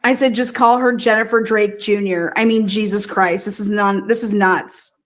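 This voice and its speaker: A woman's voice: mid-range voice, steady tone, normal speed. A woman hosting a true crime livestream, ranting in crude casual talk and cackling often. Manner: loud, swearing, cackling often. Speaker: true crime streamer host. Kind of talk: profane casual livestream rant.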